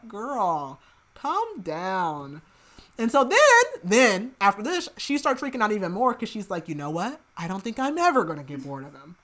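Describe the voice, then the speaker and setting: A woman hosting a podcast, recapping a book in casual chat, rambling with lots of filler "like" and dropping into soft murmured asides. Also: on the high side, big pitch swings, normal speed. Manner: rambling, heavy use of filler "like", chatty asides; laughs at her own remarks, drops to soft murmured asides. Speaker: podcast host.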